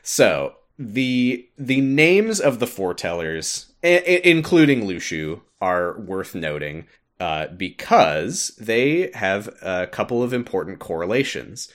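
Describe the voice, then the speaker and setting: Animated low-voiced male podcast host. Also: slow. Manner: animated storytelling with laughs. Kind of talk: casual podcast recap.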